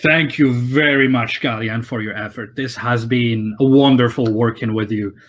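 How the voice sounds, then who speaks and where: A man voicing a measured, appraising female merchant in a tabletop game. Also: mid-range voice, fairly even intonation, pitched below the performer's own voice, lightly acted. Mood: pleased.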